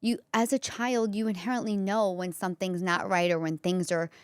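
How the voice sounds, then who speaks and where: A woman's voice: mid-range voice, flat delivery, moderate pace, smooth, no room sound, studio quality. Chatty Bronx-accented woman comedian. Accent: New York (Bronx). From the Bronx, New York. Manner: chatty storytelling, many fillers. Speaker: comedian and podcast host. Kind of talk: candid solo podcast monologue.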